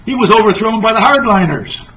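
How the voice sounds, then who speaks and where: A man's voice: high-pitched, expressive, a little fast, pushed and bright, voice pushed up. A man playing a matter-of-fact old Russian grandmother. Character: unflappable elderly Russian grandmother. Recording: distant dull lo-fi mic with faint noise.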